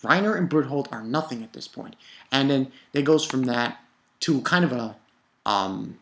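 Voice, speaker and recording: A man's voice: medium pitch, expressive, moderate pace, fairly bright tone, a little hiss or hum. Young man ranting with profanity. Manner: profane, rambling, heated. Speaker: manga reviewer. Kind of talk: casual review rant.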